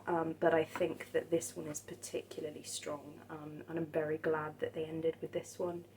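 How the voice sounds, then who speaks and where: A woman chats on her own about films she loves. She speaks softly and hesitantly, stopping often and restarting her sentences. Her voice sits a little low. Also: flat delivery, normal speed, noisy background. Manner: hesitant, many ums and restarts, soft-spoken. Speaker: film vlogger. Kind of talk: casual monologue about films.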